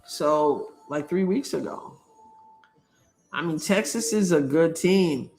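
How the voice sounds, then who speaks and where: A woman hosting a live stream, reacting to a basketball game with animated, indignant commentary and reading out viewer comments. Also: sits low, slow pace. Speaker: show host.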